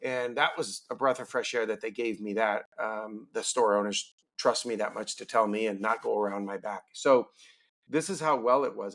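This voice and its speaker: A middle-aged man, a podcast guest and business owner, telling his story in a casual interview and acting out the dialogue. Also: fairly low pitch. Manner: animated storyteller, acts out quoted dialogue.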